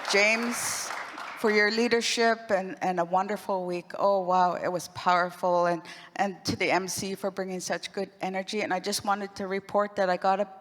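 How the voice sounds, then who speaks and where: A woman's voice: mid-range voice, little pitch movement, moderate pace, a faint crowd, a little hiss or hum. Canadian woman speaking with feeling in a hall. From west coast of British Columbia, Canada. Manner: warm, emotional, with restarts. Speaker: program graduate speaking at an event. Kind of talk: heartfelt onstage remarks. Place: large event hall. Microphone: stage microphone. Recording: long hall reverb.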